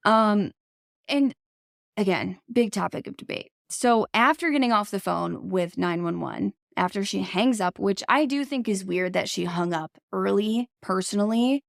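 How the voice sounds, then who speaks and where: Blunt, gravelly-voiced woman podcast host. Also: medium pitch, measured pace, no room sound, clean studio sound. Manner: blunt, opinionated, swears freely. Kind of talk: casual true-crime podcast chat.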